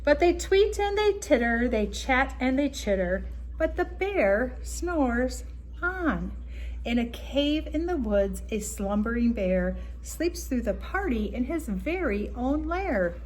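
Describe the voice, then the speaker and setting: Woman, children's book reader, slow and singsong, slightly high voice. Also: big pitch swings, darkish tone, slight background noise. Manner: rhythmic, lilting, playful. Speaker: storybook reader. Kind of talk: reading a picture book aloud.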